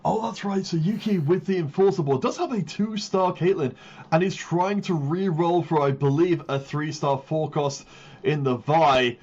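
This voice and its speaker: A man commentating a live esports tournament as the host caster. His voice sits a little high with a slightly husky edge. He walks through the standings methodically and then surges with hype at decisive moments. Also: moderate pace, dull audio. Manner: excitable, builds hype on big moments.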